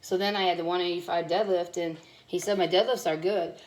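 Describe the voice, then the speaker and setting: A woman's voice: on the low side, fairly even intonation, a little fast. A woman cooking in her home kitchen, talking in a blunt, rambling, chatty way while sick with bronchitis. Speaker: cooking vlogger. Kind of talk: casual chatty cooking vlog.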